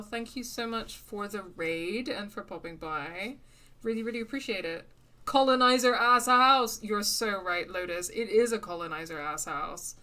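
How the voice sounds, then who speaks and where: A woman's voice: medium pitch, sharp tone. A woman streaming a video game live, chatting casually with viewers, laughing often and muttering at the game as she plays. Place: lives in the UK.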